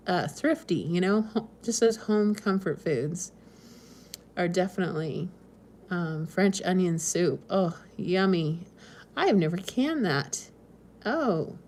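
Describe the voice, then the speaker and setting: A woman with a lowish voice chats casually on a home live stream, wandering from thought to thought and reading out viewer comments. A faint hum of room sound sits behind her. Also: a little mellow. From West Coast of the US. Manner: chatty, meandering, frequent ums and laughs. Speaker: homesteading channel host.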